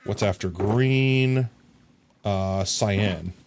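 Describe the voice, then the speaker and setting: A man's voice: lowish voice, drawn-out words, a little mellow, a little hiss or hum. A man casually narrating his game on a live stream, talking to chat and humming silly sound effects as he works.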